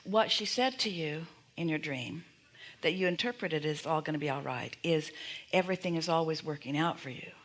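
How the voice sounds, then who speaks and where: A woman's voice: low voice, moderate pace, a bit bright. Woman seminar speaker, emphatic, keeps repeating affirmations, asks the crowd rhetorical questions. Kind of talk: motivational teaching to an audience.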